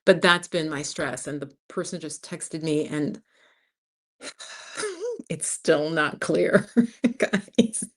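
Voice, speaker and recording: A woman's voice: sits low, very animated, drawn-out words, pauses often. A woman in her fifties with a New York accent, hosting a casual livestream and talking frankly to her viewers as "you guys.". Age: 50s. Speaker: channel host.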